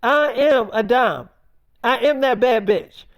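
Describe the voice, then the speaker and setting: Man putting on a vain bossy woman, high voice, dry close sound, swaggering and profane, comic improvised monologue. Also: takes it slowly, no echo, exaggerated voice. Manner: swaggering, profane, talks down to the listener. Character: brash bossy celebrity woman, vain and threatening.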